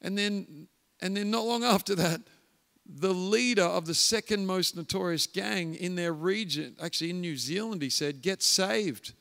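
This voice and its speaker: A man's voice: high voice, moderate pace, vocal fry, a bit bright. A man preaching a guest sermon, telling a story and acting out the voices of its characters. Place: church hall. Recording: church hall reverb.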